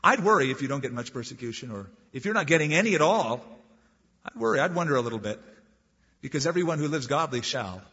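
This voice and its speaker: A man preaching a sermon with emphatic stresses and words drawn out slowly for weight. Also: medium pitch, lively intonation, husky. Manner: emphatic, swings between loud stresses and drawn-out slow words. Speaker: pastor. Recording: dull, lo-fi recording in a reverberant hall.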